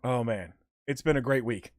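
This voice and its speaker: A man's voice: mid-range voice, normal speed. A young man hosting a livestream, chatting casually with viewers and rambling while he paints figures, a little out of breath. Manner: rambling, talks while working, greets chat by name.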